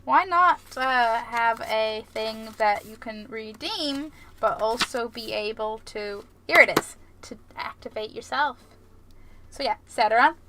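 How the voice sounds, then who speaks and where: A woman's voice: on the high side, a little slow, background noise. A woman streaming a game, chatting casually and playfully with her viewers and making puns. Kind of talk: casual live-stream chat while gaming.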